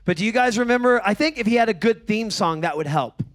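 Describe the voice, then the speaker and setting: A man telling stand-up comedy stories, sardonic and profane, growing animated as he goes. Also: fast talker. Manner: animated, escalating into high-pitched shouting in character bits.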